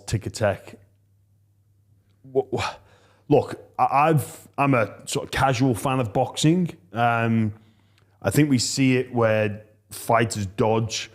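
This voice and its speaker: A man hosts a casual podcast interview in a mid-range voice. He asks his questions hesitantly, stopping and restarting as he goes. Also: mid-range voice. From Australia. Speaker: podcast host.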